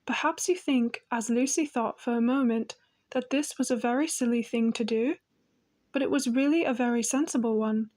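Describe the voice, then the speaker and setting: A woman narrating a children's fantasy audiobook in a gentle, even manner. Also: a little high, moderate pace. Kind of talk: storybook narration.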